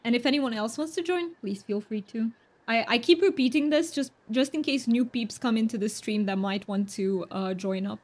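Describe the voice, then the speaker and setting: A woman's voice: fairly high pitch, moderate pace, darkish tone. A woman whose first languages are Romanian and Hungarian, chatting casually on a game stream and answering chat aloud.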